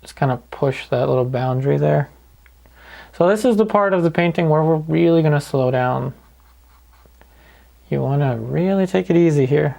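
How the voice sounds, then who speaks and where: A man calmly talking through each step of a painting lesson in an easygoing way. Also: on the high side, moderate pace, creaky, pauses often. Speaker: painting instructor. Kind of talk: paint-along tutorial narration.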